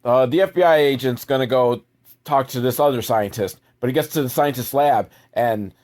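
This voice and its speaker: Man, young adult, comedy movie recap host, crude and sarcastic, mid-pitched voice. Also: normal speed, darkish tone. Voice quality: crude, sarcastic, mocking asides.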